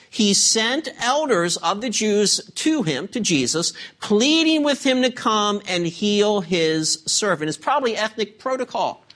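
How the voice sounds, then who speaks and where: Preacher, sermon, lively pitch, unhurried, rhetorical questions. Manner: animated, emphatic delivery.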